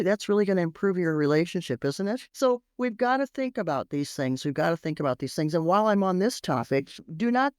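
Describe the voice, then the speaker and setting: A middle-aged woman, a parenting expert, telling stories on a podcast in an animated, emphatic way that repeats phrases for effect. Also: low-pitched, no room sound, clean studio sound. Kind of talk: storytelling podcast interview.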